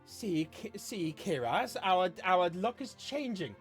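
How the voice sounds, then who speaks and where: A man doing a fussy, excitable merchant. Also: high voice, takes it slowly, faint music behind, voice pushed up, heavily acted. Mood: delighted. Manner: flustered exclamations, stammering.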